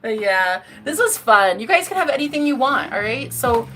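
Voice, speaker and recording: An effusive woman hosts a casual livestream from home, her voice bright and higher than most. She swings widely in pitch as she gushes at viewers and chants affirmations, with faint music playing underneath. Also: big pitch swings, normal speed. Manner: effusive, bubbly, calls viewers babe and honey. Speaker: livestream host.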